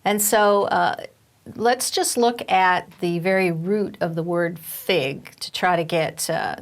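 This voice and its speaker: A woman Bible teacher with a slightly low-pitched voice walks through a lesson. She explains step by step, pausing on fillers and restarting phrases as she goes. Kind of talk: recorded teaching session.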